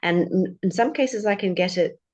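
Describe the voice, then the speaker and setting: A woman from England, a podcast guest talking in a relaxed, reflective way. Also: medium pitch, normal speed, lo-fi sound. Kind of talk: casual interview chat.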